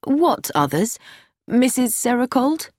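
A woman's voice: fairly high pitch, slow, dry recording, clean studio sound, pitched above the performer's own voice, full character voice. A woman voicing a kindly probing police inspector. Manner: calm, questioning. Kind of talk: audiobook reading.

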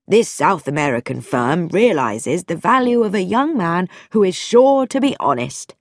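A woman's voice: on the low side, big pitch swings, moderate pace, no echo, clean studio sound. A woman voicing a stern, pompous older vicar who lectures his son in formal, lecturing speech in a storybook reading.

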